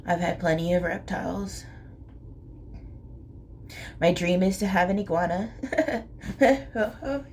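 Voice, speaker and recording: A young woman vlogging, speaking through tears in a small voice, halting and soft, with whispery asides. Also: fairly low pitch, vocal fry, slight background noise. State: crying. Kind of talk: tearful confessional monologue.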